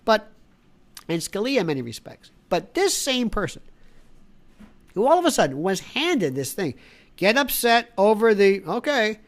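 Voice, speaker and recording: A middle-aged woman hosting an opinionated monologue, sarcastic and animated, mocking others with put-on indignant voices. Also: medium pitch, measured pace, pauses often. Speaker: podcast host.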